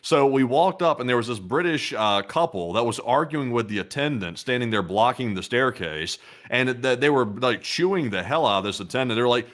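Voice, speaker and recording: A man from the United States co-hosting a livestream, telling stories haltingly with many fillers. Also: mid-range voice, animated, a bit bright. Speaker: news channel co-host. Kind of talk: casual livestream chat.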